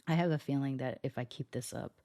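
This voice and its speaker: Solo podcast host, scratchy morning voice, mid pitch, chatty and meandering, dry close sound. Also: fast talker, warm tone, no room sound. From United States. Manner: chatty and meandering, often circling back mid-sentence. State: scratchy voice from just waking up. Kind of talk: casual solo podcast monologue.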